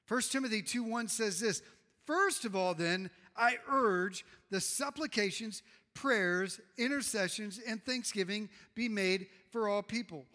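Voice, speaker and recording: A middle-aged male pastor preaching a sermon in a church, swinging from loud emphasis to hushed tones. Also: sits high, unhurried. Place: church sanctuary. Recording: reverberant hall.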